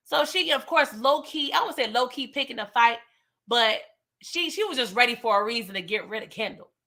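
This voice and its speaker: Bright-voiced, chatty woman. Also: a little high, a little fast. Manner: animated, slangy, chatty, talks straight to viewers. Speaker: TV recap host. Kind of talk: casual recap and review.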